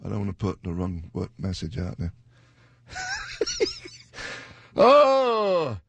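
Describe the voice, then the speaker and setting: A man hosting a music radio show with a gravelly, husky voice, rambling and chuckling between song titles in a radio studio. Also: sits low, level tone, quick pace, warm tone, dry recording, lo-fi sound. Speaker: radio DJ host. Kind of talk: casual radio chat.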